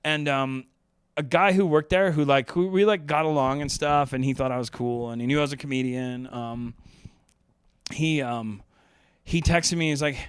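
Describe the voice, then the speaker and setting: Male podcast host, young adult, loose rambling storyteller; smooth voice, dry close recording. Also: medium pitch, moderate pace, no room sound. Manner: rambling, lots of "like" and "um", laughs while telling. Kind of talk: casual storytelling.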